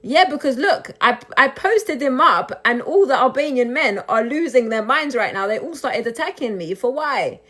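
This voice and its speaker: A woman's voice: high voice, lively intonation, a bit bright. A young woman on a phone live stream, reading and answering viewer comments, shifting into taunting, indignant rhetorical questions. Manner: switches between English and Albanian, taunting and indignant; rapid, repetitive rhetorical questions. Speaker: livestreamer.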